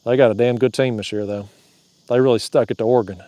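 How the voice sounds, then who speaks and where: A man's voice: mid-range voice, fairly even intonation, fast, warm tone, dry recording. A man hosting a fishing livestream from a kayak, chatting through viewer comments in a drawling, joking way and laughing at his own jokes. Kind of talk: casual livestream chat reading comments. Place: outdoors on a kayak on a river at night.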